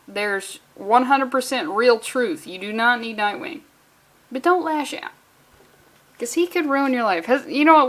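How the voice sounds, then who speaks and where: A woman's voice: fairly high pitch, a bit bright. A woman casually reviewing a comic book, rambling and profane, with lots of jokey asides.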